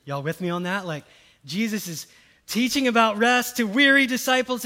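Pastor preaching, fairly high voice. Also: male voice, a little fast. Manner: conversational, swings from loud emphasis to soft hushed tones. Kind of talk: sermon.

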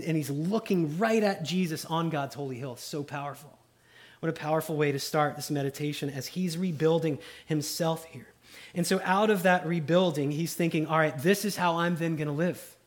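A man's voice: fairly high pitch, normal speed. Man preaching, conversational tone. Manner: conversational preaching, asks "right?" often, drops soft for emphasis. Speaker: pastor. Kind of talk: sermon.

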